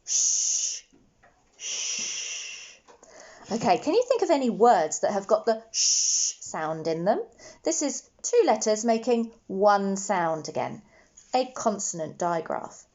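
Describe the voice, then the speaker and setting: A woman's voice: mid-range voice, big pitch swings, unhurried, darkish tone, muffled recording. A woman teaching a phonics lesson to young children, patient and encouraging, sounding out each letter. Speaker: primary school teacher.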